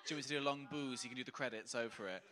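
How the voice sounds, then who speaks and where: A man, a comedian on a live panel, deadpan and sweary. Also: medium pitch, rapid-fire, very noisy. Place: live venue with audience.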